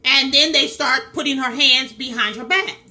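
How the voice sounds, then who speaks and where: A woman's voice: sits high, normal speed, pushed and bright. A woman vlogger telling a story in casual commentary, emphatic, repeating phrases and talking straight to her viewers. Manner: talks straight to viewers with asides.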